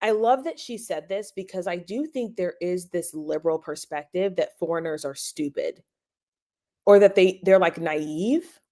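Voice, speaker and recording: Emphatic woman podcast host, mellow voice. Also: on the low side, measured pace. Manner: emphatic, repeats points for stress. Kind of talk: opinionated commentary.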